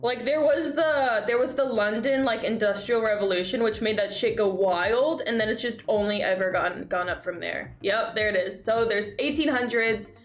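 A young woman streaming, chatting casually while reacting to videos, excitable and swearing freely. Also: on the high side, normal speed, few pauses, faint music behind.

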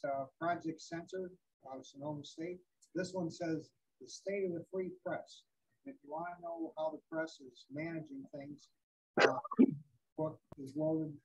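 A man at an open mic giving informal comments in a halting way, with many pauses and fillers. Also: fairly high pitch, gravelly, darkish tone, breathy edge, rough recording.

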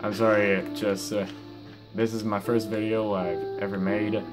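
A man's voice: fairly low pitch, level tone, moderate pace. A sixteen-year-old boy giving casual, hesitant gameplay commentary, stumbling over his words with many fillers and restarts while his mouth is sore after having his wisdom teeth out. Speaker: gaming YouTuber. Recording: guitar music playing under the voice. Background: guitar music.

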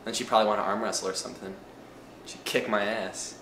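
A man's voice: on the low side, flat delivery, fast, fairly bright tone. A young man talking casually to the camera in his apartment, rambling and hesitant, mocking himself with lots of fillers. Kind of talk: casual confessional talk to camera. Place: apartment room. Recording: roomy echo, faint background noise.

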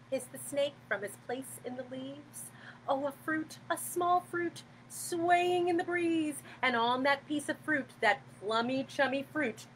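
A woman reads a picture book aloud to a child, high and lively, slow and bright. She throws herself into every sound effect. Faint noise is behind her. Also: poor audio. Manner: animated and expressive, with sound effects. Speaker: parent reading to a child.

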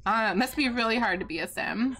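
A woman streaming a life-simulation game live, chatting excitably with her viewers and laughing often. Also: fairly high pitch, a little fast. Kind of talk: live gameplay commentary.

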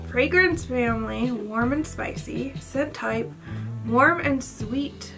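A woman's voice: high voice, slow, over music. A young woman vlogger chatting casually at home, rambling and often unsure how to pronounce names. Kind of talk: casual chat. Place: indoors at home at night.

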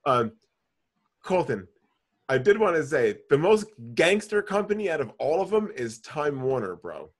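A man hosting a casual podcast, telling a profane, animated story and calling people bro. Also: on the high side, normal speed. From New York. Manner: animated storytelling, swears a lot, says bro. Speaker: podcast host.

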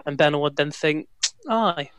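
A relaxed man gives his opinions as a football podcast panelist, wandering through his points and repeating phrases. His voice is a little on the high side. The recording is close and dry. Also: moderate pace, dry recording. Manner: rambling, relaxed, repeats himself. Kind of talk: casual football podcast chat.

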